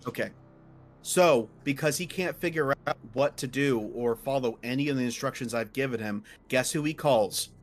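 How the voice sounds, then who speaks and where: A man's voice: mid-range voice, normal speed, a little hiss or hum. A man ranting in casual chat about a coworker, heated and swearing, acting out quoted lines in a raised voice. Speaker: podcast co-host. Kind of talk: casual chat, venting story.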